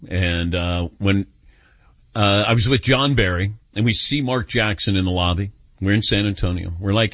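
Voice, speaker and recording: A man's voice: fairly low pitch, moderate pace, dry recording, muffled recording. A man hosting a sports call-in radio show, telling a story and acting out the voices in it. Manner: animated, acts out quoted voices. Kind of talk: storytelling and taking calls.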